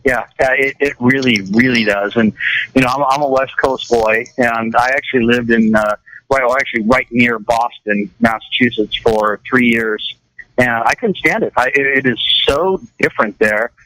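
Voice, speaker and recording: A man's voice: medium pitch, moderate pace, pushed and bright, no room sound, rough recording. A man from California chatting casually on a radio show, rambling with lots of restarts and repeated words.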